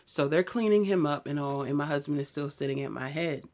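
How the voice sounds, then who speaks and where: A woman in her early thirties, telling a personal story to camera in a candid, animated way. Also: low voice, brisk. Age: 30s. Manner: candid, animated retelling, heated when quoting herself. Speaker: beauty vlogger.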